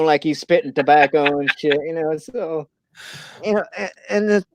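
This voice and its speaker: A man's voice: on the high side, fairly even intonation, moderate pace, clean tone, dry recording, dull audio. A man from Missouri hosting a casual livestream chat, rambling with lots of fillers and restarts. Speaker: livestream host.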